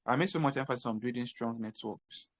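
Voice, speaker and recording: A man's voice: medium pitch, fast talker, no room sound. A man from Africa giving casual, emphatic career advice on crypto work. He repeats key points and often restarts his sentences. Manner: repetitive, emphatic, frequent restarts.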